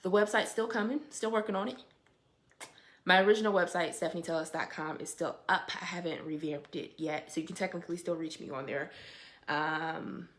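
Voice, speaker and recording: This weekly update comes from a young adult woman educator with a fairly low voice and a fairly quick pace. She reflects casually, with animated, emphatic passages and colloquial asides.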